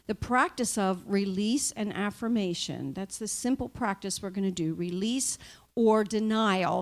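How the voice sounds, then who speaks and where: A woman's voice: medium pitch, a little mellow. A woman minister giving a conversational spiritual talk to a live group, often asking her listeners "right?".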